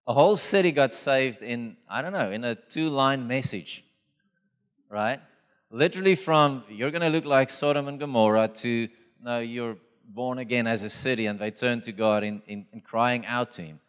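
A man preaching a sermon as pastor, in a conversational, animated storytelling manner with acted quotes. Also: medium pitch, moderate pace, clear, resonant tone. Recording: reverberant hall.

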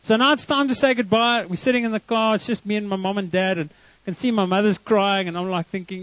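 A middle-aged South African man preaching in a casual, story-driven way, his voice sitting notably high for a man. He stumbles and restarts often as he tells his tale. The sound is dry and a little muffled. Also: steady tone, fast, hardly any pauses, fairly bright tone, dry recording. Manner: storytelling, conversational, with frequent restarts and chuckles. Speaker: pastor. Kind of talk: sermon. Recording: dull, muffled dry recording.

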